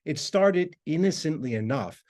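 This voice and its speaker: A man, a university lecturer, reading a prepared academic talk in a measured, formal way. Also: on the high side, expressive, darkish tone.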